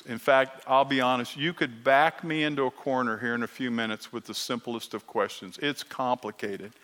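A man preaching a sermon as pastor, emphatic and earnest, at times growing quiet and emotional. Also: medium pitch, fairly even intonation, normal speed, hardly any pauses. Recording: long hall reverb.

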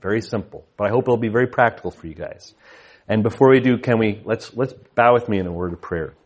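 A man's voice: lowish voice, quick pace, breathy edge. A man in his thirties giving a sermon at a conference, telling family anecdotes casually with many restarts and self-deprecating humor. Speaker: conference speaker.

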